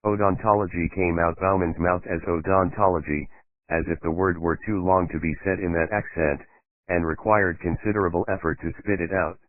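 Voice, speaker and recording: A man reads a crime novel aloud at a steady, even pace. His voice is very low, and it comes across dry and narrow, like it is heard over a phone line. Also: brisk, dry recording. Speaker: audiobook narrator. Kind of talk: scripted narration. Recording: tinny phone-like dry sound.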